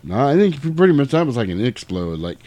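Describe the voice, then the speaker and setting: Animated man retelling a movie, dry mic. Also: mid-range voice, a little fast, dry recording. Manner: animated storytelling, acts out quotes, swears freely. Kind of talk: casual movie recap chat.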